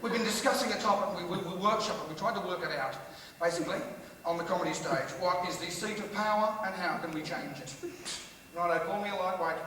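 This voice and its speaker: A man's voice: high-pitched, fast, distant mic, noisy background. A male stand-up comedian with an Australian accent, brash and profane, teasing the audience during a live show. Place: large music hall with a live audience. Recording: echoey hall taped from afar with loud crowd laughter.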